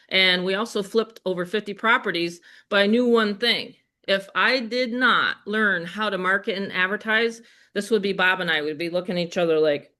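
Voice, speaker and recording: An older woman with a Western New York accent, hosting a live webinar sales pitch in a chatty, upbeat way, speaking straight to her audience. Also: bright, forceful tone. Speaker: webinar host.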